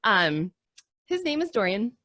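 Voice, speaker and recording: A woman's voice: mid-range voice, big pitch swings, measured pace, sharp tone, no echo, clean studio sound. A woman hosting an online health summit, chatty and enthusiastic as she introduces and questions her guest. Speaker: summit host.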